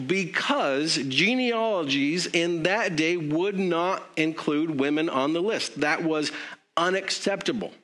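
Guy giving a chatty sermon, slow and easygoing, kinda bright high-ish voice. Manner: conversational, joking asides, frequent fillers. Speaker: pastor.

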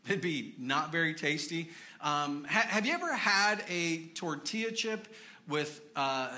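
Bright-voiced preacher in an echoey church. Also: male voice, on the high side. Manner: chatty, self-deprecating, with many fillers and restarts. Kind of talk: casual sermon.

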